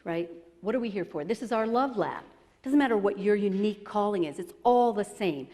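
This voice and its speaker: A woman's voice: medium pitch, a little mellow. A middle-aged woman, a relationship therapist, giving a motivational talk at an expo, telling emotional personal stories with self-deprecating humor and leading a guided meditation. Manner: leads a guided meditation in a slow, soothing voice. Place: large expo hall. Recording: long reverb in a large hall.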